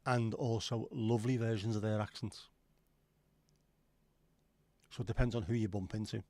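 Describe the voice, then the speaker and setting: A man's voice: on the low side, steady tone, moderate pace, a little mellow, no echo. A man hosting a livestream, rambling and joking as he chats with viewers and swears casually. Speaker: livestream host. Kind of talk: casual chat reading viewer comments.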